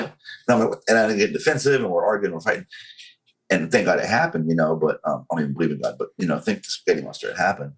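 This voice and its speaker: A man in his forties from North Carolina with a Southern accent, telling his story as a podcast guest in a slow, controlled way. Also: deep voice. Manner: slow, controlled, deliberate delivery.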